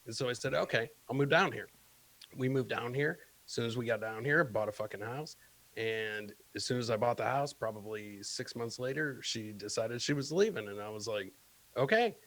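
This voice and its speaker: Bright-voiced easygoing male comedian. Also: medium pitch, moderate pace. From Michigan. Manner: laughing, easygoing storyteller. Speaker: comedian, podcast guest. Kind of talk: casual comedy podcast chat.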